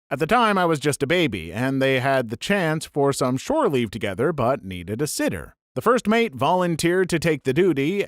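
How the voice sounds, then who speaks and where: A man's voice: a little high, no echo, studio quality. Man reading stories with wry jokes. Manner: wry, joking asides between stories. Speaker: narrator. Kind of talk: reading online stories aloud with wry commentary.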